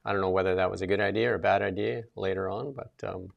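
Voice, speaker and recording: A man's voice: deep voice, steady tone, quick pace, creaky, muffled recording. A middle-aged man co-hosting a casual political chat, rambling with many fillers and restarts. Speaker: co-host.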